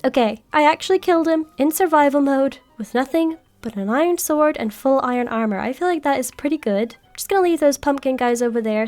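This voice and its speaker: A woman giving chatty, excitable gameplay commentary, often squealing when startled. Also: sits high, moderate pace, soft background music. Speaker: gaming video creator.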